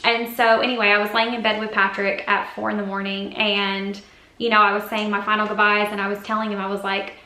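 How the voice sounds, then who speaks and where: Woman vlogger, confessional and rambling, crisp bright tone, echoey room on a camera mic. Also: medium pitch, flat delivery, brisk. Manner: earnest, confessional, rambling storytelling. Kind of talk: personal health update to camera. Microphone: built-in camera mic.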